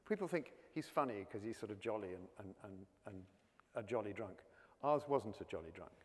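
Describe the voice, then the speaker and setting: A man's voice: on the low side, lively intonation, brisk, darkish tone, husky. A man from South London with a near-RP English accent, an actor talking in an anecdotal, chatty way during an onstage conversation with an audience, often repeating words as he restarts. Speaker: actor, interview guest. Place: college lecture hall. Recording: long hall reverb.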